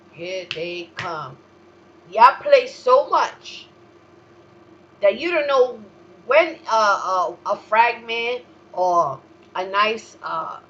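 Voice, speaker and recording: A woman hosting a solo talk show, ranting profanely in a heated manner that jumps from low muttering to outright shouting. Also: lo-fi sound.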